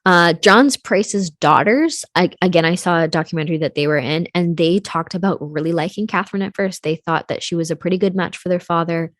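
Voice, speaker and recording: Dry, low-voiced young woman storyteller. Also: brisk, hardly any pauses, no echo. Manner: chatty, swearing, drops to a mutter at ends of thoughts. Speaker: podcast host telling a true crime story. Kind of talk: casual true crime chat.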